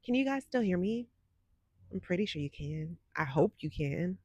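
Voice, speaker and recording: A woman's voice: on the low side, lively intonation, moderate pace, darkish tone, slightly rough, dry recording. A woman in her forties hosting a psychic livestream, chatting sassily and talking straight to her viewers. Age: 40s. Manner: chatty, sassy, talks to viewers directly. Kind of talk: casual livestream chat. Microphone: desk microphone.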